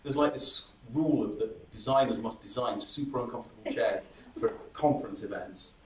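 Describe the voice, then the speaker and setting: A man presenting a startup workshop, lively and chatty, acting out audience members with laughing asides. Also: mid-range voice, brisk. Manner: animated, acts out audience reactions with laughing asides. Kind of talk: presentation skills workshop talk. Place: workshop room. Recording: roomy echo from a distant mic.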